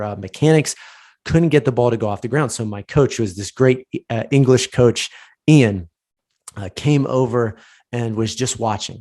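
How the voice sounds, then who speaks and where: A man's voice: lowish voice, darkish tone. A man in his thirties hosting a podcast, giving a casual motivational talk and telling stories with many fillers and restarts. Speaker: podcast host, lawyer.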